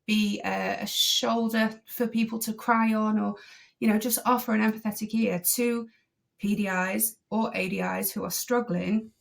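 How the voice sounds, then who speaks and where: A woman driving instructor talking as a guest on a podcast, earnest and enthusiastic, with many pauses and ums. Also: medium pitch, flat delivery, creaky. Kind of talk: casual podcast conversation.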